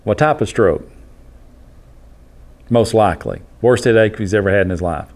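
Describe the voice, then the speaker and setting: A man's voice: fairly low pitch, moderate pace. Blunt man telling a story. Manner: blunt, animated storytelling with acted quotes. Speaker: EMT instructor. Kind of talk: storytelling lecture.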